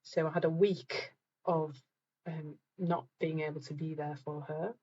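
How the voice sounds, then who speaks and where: A middle-aged woman hosts a live group talk, chatting warmly with her viewers and reading their comments aloud. Her voice sits a little low and comes across breathy. The live-stream sound is dull and lo-fi. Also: steady tone, unhurried. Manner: chatty, reads out viewer comments, laughs at herself.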